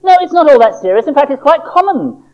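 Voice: high voice, big pitch swings, fast talker, a little mellow, pitched above the performer's own voice. A reader doing a fatherly storybook doctor. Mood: reassuring. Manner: grave, reassuring. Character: kindly fatherly male doctor. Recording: dull lo-fi recording.

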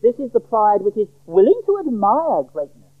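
A man's voice: sits high, sing-song, moderate pace. A man preaching an expository sermon, emphatic and fond of rhetorical questions. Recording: tinny phone-like sermon recording.

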